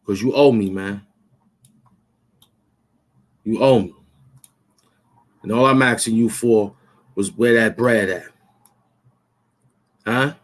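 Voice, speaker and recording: A man's voice: lowish voice, slow pace, pauses often. Taunting New man ranting. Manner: taunting, repetitive, demanding. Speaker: YouTube show host. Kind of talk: confrontational rant to camera.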